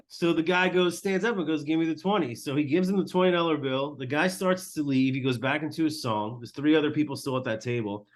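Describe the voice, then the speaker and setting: Man telling a lively club story. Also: on the high side, a little fast. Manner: animated storyteller, acts out quotes. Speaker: host. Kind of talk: casual chat.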